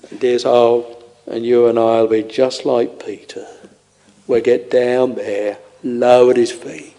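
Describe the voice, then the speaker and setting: A man preaching a sermon, tenderly addressing his listeners in a slow, intoning way. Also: medium pitch, level tone, dark tone. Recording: long reverb of a large hall.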